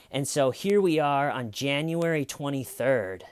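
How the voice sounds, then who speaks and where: A man's voice: medium pitch, animated, unhurried, hardly any pauses, smooth, no echo, clean studio sound. A man hosting a casual true-crime commentary, talking in an indignant, conversational way with lots of fillers and restarts. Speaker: podcast host.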